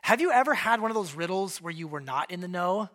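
A male pastor with a high-sitting voice preaches quickly, turning his Bible teaching into a conversational, joking and animated sermon. He acts out quoted lines in a raised voice.

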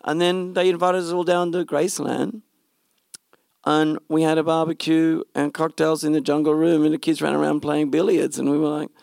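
A middle-aged man, a film director telling a lively story in an interview and acting out what others said. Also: on the high side, vocal fry, no echo, studio quality. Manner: animated storytelling, acts out quoted speech. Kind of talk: interview conversation.

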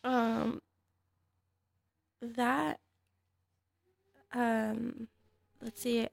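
A woman's voice: on the high side, little pitch movement, drawn-out words, gravelly, no echo. A woman, a fighter guest, chatting casually and hesitantly, with many fillers and restarts. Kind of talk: casual podcast chat.

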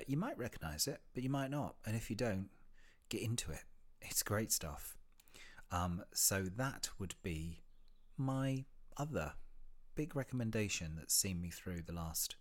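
A man hosting a casual solo podcast, rambling and chatty with plenty of ums and restarts. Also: deep voice. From United Kingdom. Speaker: podcast host.

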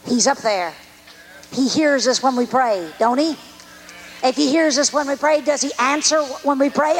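Very high-voiced older woman preacher. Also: slight background noise, low-quality recording. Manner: emphatic, repetitive preaching cadence that swings between high and low. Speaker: evangelist preacher. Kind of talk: sermon testimony.

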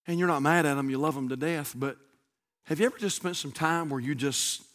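A middle-aged male pastor, preaching a sermon that swings from loud high cries down to hushed whispers. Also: brisk.

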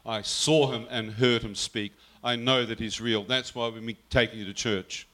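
Earnest, bright-toned man telling his story. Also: mid-range voice, fairly even intonation, normal speed. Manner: earnest, quotes his mother's words. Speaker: guest telling his testimony. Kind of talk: personal storytelling.

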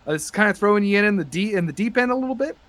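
On a tabletop podcast, a male game master narrates and chats in a rapid-fire rush, his voice sitting high as he rambles with plenty of fillers and gets excited.

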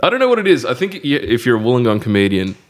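A man's voice: medium pitch, wildly swooping pitch, racing. A man, a comedian guest on a podcast, chatting casually in a laid-back way and often trailing off. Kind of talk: casual chat.

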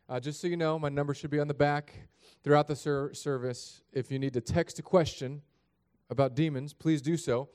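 Earnest preacher man, slightly high voice. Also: fairly even intonation, normal speed, a little mellow, clean tone. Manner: earnest, plain-spoken preaching, addressing the congregation directly. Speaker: pastor. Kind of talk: sermon with prayer and scripture reading. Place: chapel.

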